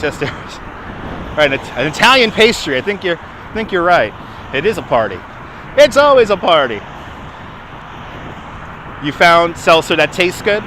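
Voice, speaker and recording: A man's voice: a little high, bright, forceful tone, a little hiss or hum. A man hosting a casual livestream outdoors, chatting and answering viewers' comments as he walks, filmed on a phone held on a gimbal. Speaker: livestream host. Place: outdoors on a city waterfront. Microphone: phone on a handheld gimbal.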